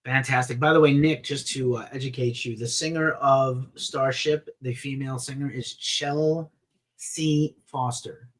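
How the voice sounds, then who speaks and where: A man co-hosting a casual album-review show with a husky voice, speaking in a dry manner and keeping the show moving. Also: mid-range voice, fairly even intonation, measured pace, fairly bright tone. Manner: dry, corrective, steers the show. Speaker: podcast co-host.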